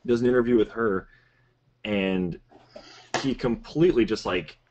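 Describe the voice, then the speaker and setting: A man's voice: fairly low pitch, normal speed, a little mellow, muffled recording. A man appearing as a guest on a podcast, speaking in a rambling, digressive, conversational way. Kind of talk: casual podcast discussion.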